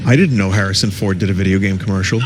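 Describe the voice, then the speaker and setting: A man's voice: sits low, steady tone, fast, background noise. A man streaming and reacting to old commercials in casual, rambling commentary with chuckling asides.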